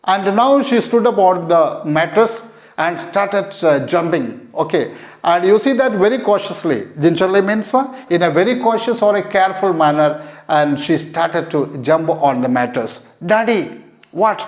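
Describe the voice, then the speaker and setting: Echoey teacher explaining line by line. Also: male voice, high-pitched, animated, moderate pace. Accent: Indian English. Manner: explains word meanings plainly, repeating and rephrasing; frequent "you see that" and hesitant "uh". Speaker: English teacher. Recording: echoey room.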